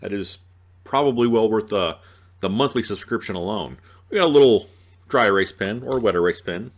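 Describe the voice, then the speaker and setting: A man's voice: on the low side, lively intonation, normal speed. A man hosting an unboxing video, chatting casually and joking at himself, groggy after a night out and stumbling over his reading. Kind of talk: casual rambling unboxing talk.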